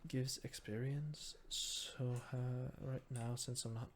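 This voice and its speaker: A man's voice: mid-range voice, steady tone, slow, a little hiss or hum. A man whose first language is Norwegian, murmuring his thoughts aloud and musing in a self-deprecating way while he plays a game. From Norway. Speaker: gamer. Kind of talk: casual gameplay commentary.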